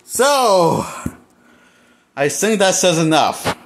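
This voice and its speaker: A man's voice: high-pitched, very animated, drawn-out words. A man in a crude, mocking, casual ranting review of a film, laughing at his own jokes. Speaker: movie reviewer.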